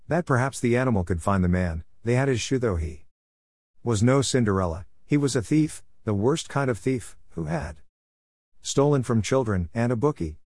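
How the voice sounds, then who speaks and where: A man's voice: on the low side, a little mellow, dry recording, clean studio sound. A man reading a comic story aloud as narrator, playfully voicing the characters' lines.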